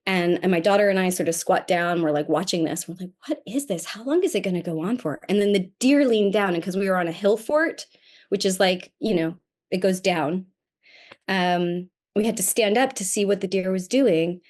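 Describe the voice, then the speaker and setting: A woman guest on a podcast telling a personal story in a casual, animated, self-mocking way. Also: lowish voice, moderate pace. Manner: animated and self-mocking, acting out quoted voices.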